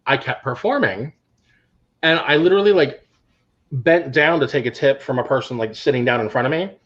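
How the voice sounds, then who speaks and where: A man, a drag queen co-host, telling sassy, animated anecdotes in casual chat. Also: medium pitch, moderate pace, muffled recording.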